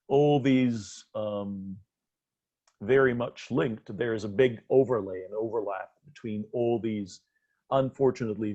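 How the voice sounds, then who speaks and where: A man hosting an interview, asking long questions with many pauses and fillers. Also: on the low side, darkish tone. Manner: hesitant, many fillers, long lists of terms. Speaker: interview host. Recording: dull lo-fi audio.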